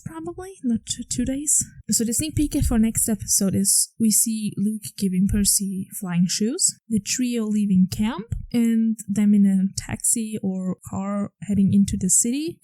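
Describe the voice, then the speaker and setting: Chatty woman with a mellow dry voice. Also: mid-range voice, no room sound, rough recording. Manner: chatty, excited, lots of "like". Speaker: podcast host. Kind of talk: casual episode recap.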